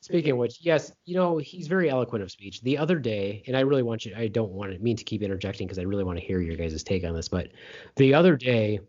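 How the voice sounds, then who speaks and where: A man's voice: fairly low pitch, animated, quick pace, a little mellow. A man co-hosting a casual late-night podcast chat, playful and swearing, slipping into comic voices. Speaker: podcast co-host. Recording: dull lo-fi podcast audio.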